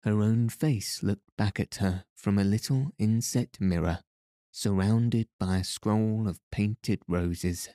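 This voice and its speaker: A man calmly narrating a bedtime story for a sleep podcast, reading in an unhurried way into a close mic. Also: lowish voice, no room sound.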